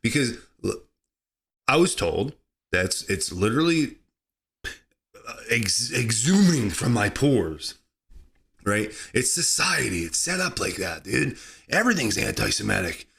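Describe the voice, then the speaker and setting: Lively, bright-voiced comedic podcast man. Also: on the low side, measured pace, creaky, pauses often. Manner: sarcastic, excitable, mock-outraged asides; laughs at his own jokes. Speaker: podcast host.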